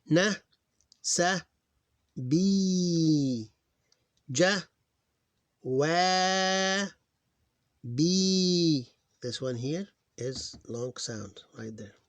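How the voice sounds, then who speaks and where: A man teaching reading, slowly sounding out syllables one at a time, recorded on a close mic. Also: medium pitch, breathy edge, no echo. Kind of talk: screen-recorded phonics lesson.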